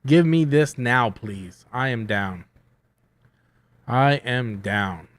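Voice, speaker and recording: A man hosting a casual livestream, rambling loosely with lots of swearing and self-mockery, swinging between loud bursts and mumbled asides. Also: medium pitch, lively intonation, takes it slowly, clear, resonant tone. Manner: loose, profane, self-mocking, riffs and hums to himself. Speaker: YouTube host answering viewer questions.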